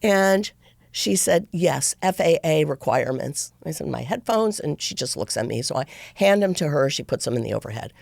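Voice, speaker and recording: A woman's voice: low voice, lively intonation, normal speed, creaky, darkish tone, no echo. A middle-aged woman, a podcast guest, telling a long story in a rambling way with many restarts. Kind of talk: casual interview storytelling.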